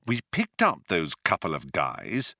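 A clever young woman crew member, read by a male narrator speaks quietly and patiently, with the calm of someone used to explaining things twice. The voice is fairly low and bright, recorded close and dry. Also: a little slow, vocal fry, no room sound, exaggerated voice.

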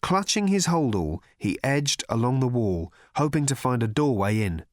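A man narrating an audiobook with expressive comic timing. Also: medium pitch, normal speed, dry recording, clean studio sound. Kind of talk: scripted narration.

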